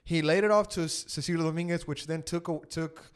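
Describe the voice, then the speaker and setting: A man hosting a casual soccer podcast, animated and leading the talk with casual swearing. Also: on the high side, brisk, smooth. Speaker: podcast host. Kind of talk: casual sports chat.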